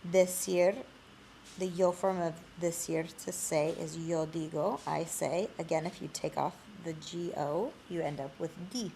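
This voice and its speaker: A woman teaching a Spanish lesson in a screencast, explaining slowly. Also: deep voice, gravelly, mellow, a little hiss or hum.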